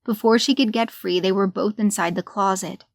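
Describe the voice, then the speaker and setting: A woman narrating a horror story in a measured, deliberate way. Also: mid-range voice, fairly even intonation, gravelly, no room sound, clean studio sound.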